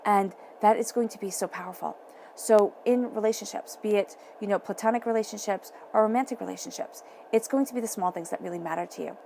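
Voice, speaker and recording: A woman giving a tarot reading, speaking in a soft, encouraging way and repeating phrases for emphasis. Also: medium pitch, fast talker, gravelly, a little hiss or hum. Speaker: tarot reader.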